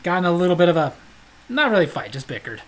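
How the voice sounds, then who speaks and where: This high-voiced male host talks fast on his own show, spinning comic tales full of jokes. He's lively and laughs a lot, and the recording sounds poor.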